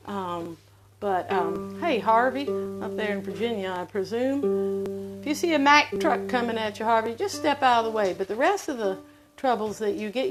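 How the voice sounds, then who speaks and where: A woman host with a Southern US accent, chatting in a folksy, rambling way from her home. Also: medium pitch. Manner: folksy, chatty, wandering from topic to topic. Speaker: show host. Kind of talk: casual rambling monologue. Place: home during lockdown.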